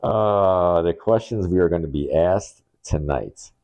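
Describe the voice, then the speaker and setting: Podcast co-host: a man with a low, mellow voice, rambling and laughing as he chats. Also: measured pace. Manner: rambling, laughing, acts out quotes. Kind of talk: casual chat. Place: rented holiday home.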